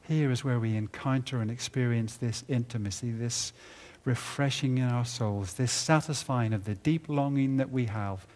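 A man preaching a sermon at a conference, building to loud emphatic peaks and dropping low and quiet at the ends of phrases. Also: moderate pace, few pauses. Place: conference hall.

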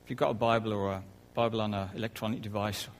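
A man preaching a conversational sermon, with soft laughs and quiet asides. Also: on the low side, fairly even intonation, fast talker, a little hiss or hum, poor audio.

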